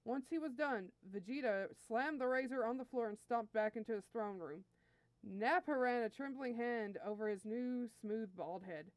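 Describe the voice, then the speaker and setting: Woman storyteller, a touch high, easygoing narration, dry close mic. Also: normal speed, a little mellow, dry recording. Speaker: story reader, channel host. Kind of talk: reading fan fiction aloud.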